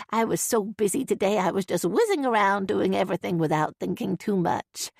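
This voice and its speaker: A woman reading an audiobook, voicing a confused, cheery grandmother who is quick to feel hurt, in a slow, wavering voice. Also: medium pitch, gravelly, husky, no room sound, studio quality, heavily acted. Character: confused, cheery old grandmother, easily wounded.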